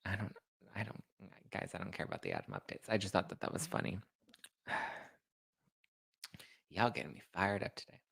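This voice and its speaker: A man hosts a casual live chat, reading comments aloud and getting sassy and fired up. His delivery is animated, with pitch leaping up in loud outbursts and a gravelly fry when he drops low. The sound is dry and close to the mic. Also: no room sound. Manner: sassy, animated, quick to fire up with bursts of loud outrage.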